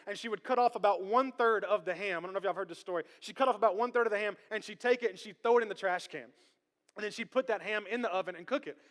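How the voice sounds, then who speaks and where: Male pastor, very high voice, animated sermon delivery, long church-hall reverb. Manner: animated, repeats words, builds to emphatic questions. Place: church sanctuary.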